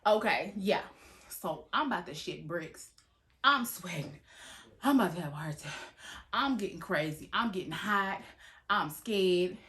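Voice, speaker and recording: A woman's voice: lowish voice, a little slow, pauses often. A woman telling a dramatic story from her own past in a casual storytime style, full of swearing and big reactions. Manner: animated, dramatic, heavy swearing. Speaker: storytime vlogger.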